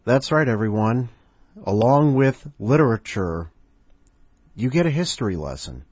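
A man's voice: mid-range voice, very animated, a little slow, a little mellow, breathy edge, no echo. A man hosting a podcast, joking and rambling in casual chat. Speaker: podcast host. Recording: dull lo-fi dry recording.

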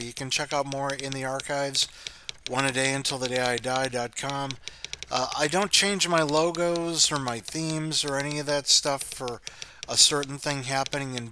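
Guy reading his little story real slow, dry self-deprecating asides, bright voice, some keyboard clicking in back. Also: medium pitch, a little hiss or hum, rough recording. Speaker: podcast host reading his own short story.

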